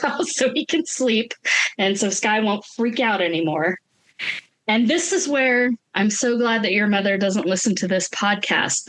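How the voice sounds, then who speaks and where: Woman on a chat podcast, higher voice, animated storytelling, does little voices for the people she quotes. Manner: animated, acts out quoted voices, laughs often. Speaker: podcast co-host.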